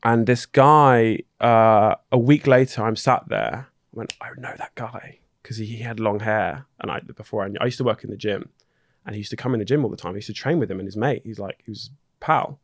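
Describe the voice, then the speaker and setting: A man's voice: fairly low pitch, brisk, dry recording, studio quality. A man from England, a podcast guest in casual chat who tells stories with energy and acts out what others said. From Dorking, England. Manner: animated, acts out the other person's lines in the retelling.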